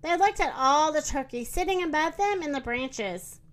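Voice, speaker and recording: A woman reading a children's story aloud, slow and expressive. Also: high voice.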